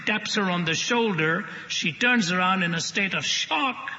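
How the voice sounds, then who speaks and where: A man's voice: high voice, a little slow, pushed and bright, slight background noise. A man preaching to an audience, telling a story with dramatic, humorous flair. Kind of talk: sermon storytelling. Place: large hall with audience. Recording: dull broadcast with long hall reverb.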